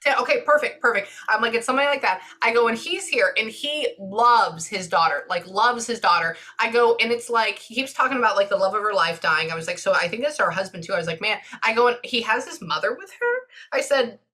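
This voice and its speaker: A Texan woman giving a medium's reading in an animated, chatty way, often pausing to listen. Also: fairly high pitch. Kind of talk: casual spoken reading session.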